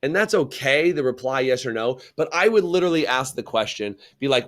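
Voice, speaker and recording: A man's voice: medium pitch, fairly quick, hardly any pauses. A man co-hosting a salon business talk show, giving casual advice and acting out little example scenes. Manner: animated, acts out little scenes.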